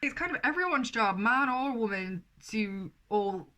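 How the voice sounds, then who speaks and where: A young British woman with a bright, forceful voice, talking straight to camera. She is blunt and emphatic and swears freely as she makes her points. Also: fairly high pitch, animated, measured pace. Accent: British English. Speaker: vlogger. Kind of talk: opinion vlog to camera.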